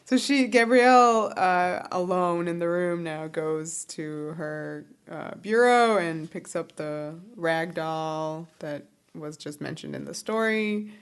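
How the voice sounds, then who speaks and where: A woman's voice: fairly low pitch, takes it slowly, hardly any pauses, clear, resonant tone. A woman co-hosting a podcast, recapping scenes of an episode in casual chat and laughing along. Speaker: podcast co-host.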